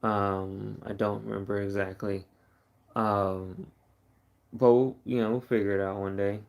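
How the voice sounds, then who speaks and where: A man's voice: on the low side, little pitch movement, a little slow, creaky, darkish tone. A tired young man from Texas chatting casually on a late-night live stream, rambling and repeating himself.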